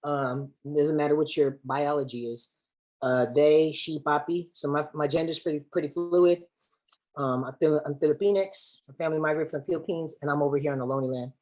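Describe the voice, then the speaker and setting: A woman's voice: deep voice, steady tone, a little fast, a little mellow, rough recording. A woman from Los Angeles facilitating an online workshop over a video call in a playful, slangy, chatty way. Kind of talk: lively online workshop hosting.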